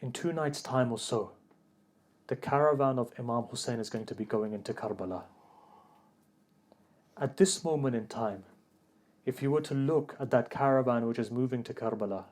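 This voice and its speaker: A man giving a religious sermon, moving from soft storytelling to a loud, grieving, high-pitched recitation. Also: normal speed, long pauses. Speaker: preacher. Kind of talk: Muharram sermon, rising to impassioned chanting.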